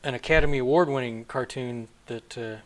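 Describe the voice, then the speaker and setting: Halting man hosting a live stream. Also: medium pitch, a bit bright. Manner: halting, many fillers. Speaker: livestream host. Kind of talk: casual live-stream commentary.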